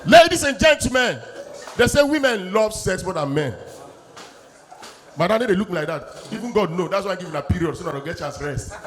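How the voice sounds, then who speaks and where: A man with a Nigerian Pidgin accent doing an animated stand-up set, acting out his bits loudly. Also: high voice, brisk. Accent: Nigerian Pidgin English. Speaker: stand-up comedian.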